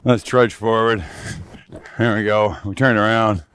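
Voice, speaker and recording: A man's voice: lowish voice, fairly even intonation, unhurried, fairly bright tone, slight background noise. A middle-aged man, slightly out of breath, chatting in a boisterous, joking, profane way while snowshoeing along a snowy outdoor trail. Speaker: podcast host and company boss. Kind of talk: casual chat while hiking.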